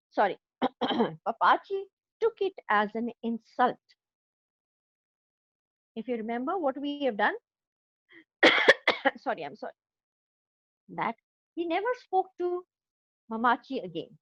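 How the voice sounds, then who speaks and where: A woman's voice: on the high side, very animated, slow, long pauses, dry recording, muffled recording. A woman teaching an English class, explaining a story line by line with an Indian English accent and checking often that her students have understood.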